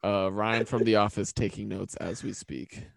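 Male co-host, low gravelly voice, dry close sound, quick wisecracks. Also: steady tone, no echo. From Massachusetts. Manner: quick jokey asides, laughs a lot. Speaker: podcast co-host. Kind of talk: casual sports podcast banter.

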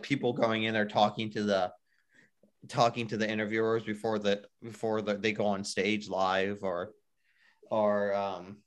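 Rambling young-sounding man chatting. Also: on the low side. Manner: rambling, heavy use of "like". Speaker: podcast co-host. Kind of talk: casual chat.

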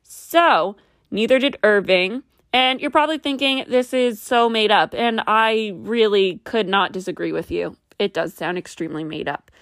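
Casual female storyteller, wry and doubtful, mid pitch, dry close sound. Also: moderate pace, a bit bright, no echo. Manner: skeptical, wry asides. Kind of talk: casual true-mystery storytelling.

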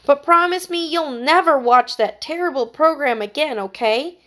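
A woman's voice: high-pitched, normal speed, a bit bright, voice pushed up. A woman voicing an earnest young girl who scolds her friend sternly and emphatically.

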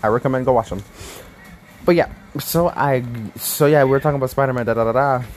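A man's voice: mid-range voice, fast talker, slight background noise. Young man telling a story with laughs. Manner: animated, laughing, self-correcting. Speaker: vlogger. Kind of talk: casual storytelling.

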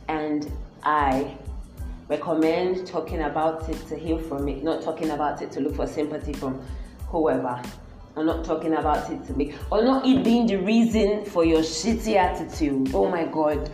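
A woman with a Nigerian accent rants to camera with blunt, repetitive emphasis, scolding and advising at once. Her voice sits a little low. The recording is roomy and echoey, with faint music underneath. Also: normal speed, a little mellow. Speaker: vlogger. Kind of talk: personal advice rant to camera. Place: public place with people around.

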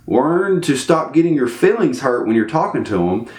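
A man's voice: mid-range voice, normal speed. A man telling a story in casual talk and acting out the voices in it. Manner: animated, acts out the voices in his story. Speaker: storyteller giving life advice. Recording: echoey room.

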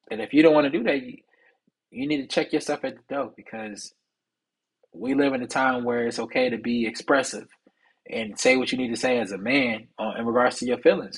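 A young man hosting a solo podcast, talking casually and preachily about men's mental health in streetwise slang, with a husky voice. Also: medium pitch, rough recording. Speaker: podcast host.

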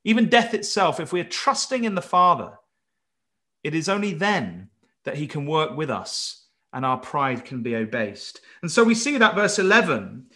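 A man's voice: on the high side, big pitch swings, normal speed, sharp tone. A man preaching an earnest Bible-study sermon, emphatic and stumbling into restarts as he presses his points.

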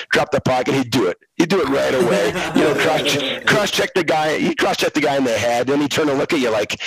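Husky-voiced man telling stories. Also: mid-range voice, brisk, hardly any pauses, poor audio. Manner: relaxed anecdotal telling, frequent restarts. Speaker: former hockey referee, guest. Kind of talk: casual storytelling interview. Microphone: video call.

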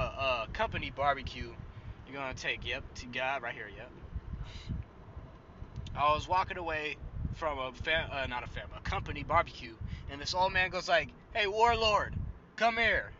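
A young man co-hosting a casual podcast, rambling and cursing and laughing as he talks from inside a car. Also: on the high side. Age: young adult. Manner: profane, rambling, laughs a lot. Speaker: podcast co-host. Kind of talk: casual chat. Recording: dull lo-fi sound with road noise.

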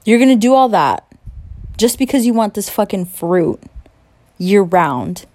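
A woman's voice: medium pitch, lively intonation, measured pace, warm tone, no echo. A young woman in a late-night rant, angry and profane, with heavy emphasis on her words. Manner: mocking whiny voice when imitating others. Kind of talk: late-night ranting monologue.

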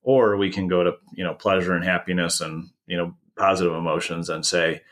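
A man's voice: sits low, little pitch movement, brisk, hardly any pauses, a bit bright. A man from the United States explaining a marketing idea in a conversational podcast, with many restarts. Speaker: marketing consultant.

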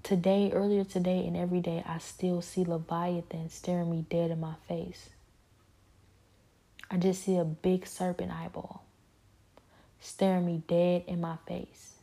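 A woman's voice: fairly low pitch, flat delivery, unhurried, vocal fry, mellow, breathy edge. A woman giving an earnest, repetitive personal testimony, often dropping into a whisper. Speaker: speaker sharing a personal spiritual struggle.

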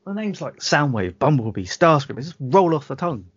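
A man's voice: fairly high pitch, sing-song, a little fast, slightly rough, no room sound, lo-fi sound. A British man co-hosting a podcast, rambling drunkenly, swearing and laughing at his own jokes. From Britain. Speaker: podcast co-host. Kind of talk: drunken casual chat.

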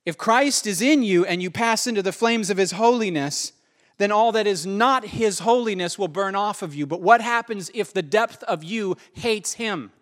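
Male pastor with a high voice and an earnest, conversational preaching style that leans on repetition. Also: normal speed. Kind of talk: sermon.

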